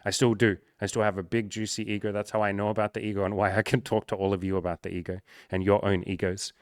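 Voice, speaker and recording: Young man, low smooth voice, candid and emotional, swears a lot, close to tears, dry close sound. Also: no room sound. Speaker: coach and content creator. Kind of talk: emotional personal talk to camera.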